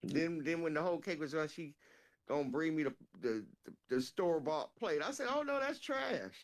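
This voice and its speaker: A woman co-hosting a casual chat, telling animated, profane stories and laughing through them. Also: low voice, a little fast.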